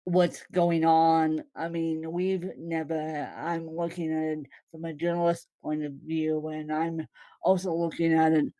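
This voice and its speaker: A woman's voice: sits low, flat delivery, a little slow, mellow. A woman content creator chatting casually to her fans, often repeating herself and laughing. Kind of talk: casual vlog talk to fans.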